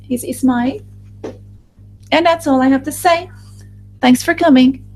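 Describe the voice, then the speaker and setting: A woman voices a group discussion as a live interpreter, her voice sitting a little high. She speaks haltingly, breaking off and restarting her phrases. Soft music plays faintly behind her. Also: poor audio. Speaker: voice-over interpreter for a focus group.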